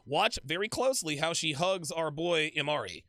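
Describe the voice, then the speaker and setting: A man giving casual, profane reaction commentary on a dating show, animated and repetitive. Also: fairly high pitch, moderate pace, no echo, studio quality. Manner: animated, profane, repeats himself.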